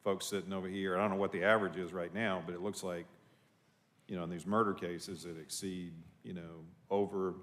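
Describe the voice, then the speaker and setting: Man, commissioner type, deep voice, rambling and hesitant at a public meeting. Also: flat delivery, a bit bright. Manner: halting, many fillers and restarts. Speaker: county commissioner. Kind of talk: public board meeting discussion.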